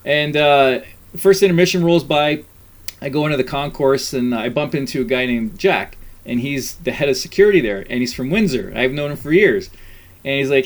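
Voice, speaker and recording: A middle-aged man with a slightly high voice tells stories in a relaxed chat. He is animated, acts out the people in his stories, and laughs easily. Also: normal speed. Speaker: guest telling stories. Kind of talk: casual storytelling chat.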